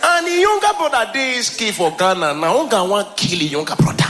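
Male stand-up comic with a Nigerian accent: high, bright, animated delivery, with faint live ambience behind. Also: fairly quick, a little hiss or hum. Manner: animated, mixes Pidgin with English, laughs often. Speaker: stand-up comedian. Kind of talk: stand-up comedy special. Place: stage before live audience.

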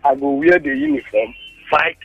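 A man's voice: moderate pace, dull audio, faint music behind. A male caller from Lagos speaking in Nigerian Pidgin, chatting in a rambling way on a phone-in. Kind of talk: phone-in chat.

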